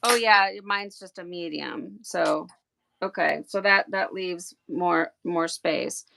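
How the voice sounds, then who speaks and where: A woman chatting on a craft livestream, thinking out loud and stumbling over her words as she asks questions. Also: lowish voice, slow pace, creaky. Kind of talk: livestream craft demo chat.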